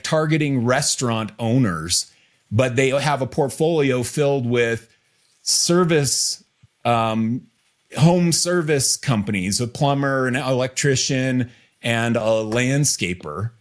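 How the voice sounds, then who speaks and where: A male podcast host with a mid-range voice, talking casually about business strategy. He keeps it relaxed and likes to tease, circling back to repeat his main points. His pitch sits right in the middle for a man. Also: takes it slowly. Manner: relaxed, teasing, repeats key phrases.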